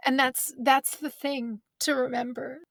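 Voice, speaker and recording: A woman's voice: sits high, flat delivery, a little slow, vocal fry, fairly bright tone, no room sound. A woman author speaking as a guest, thoughtful and candid, searching for words and close to tears. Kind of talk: reflective conversation. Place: bedroom closet.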